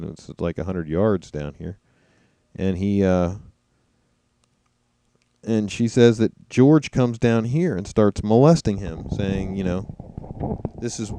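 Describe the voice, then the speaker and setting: Deep mellow man commenting casually. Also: no echo. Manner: conversational, musing, mocking imitations. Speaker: commentator reacting to trial footage. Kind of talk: casual commentary over clips.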